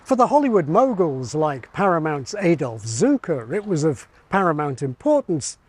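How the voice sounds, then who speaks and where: A man giving scripted narration for a video essay, measured and explanatory. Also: on the high side, very animated, slightly rough.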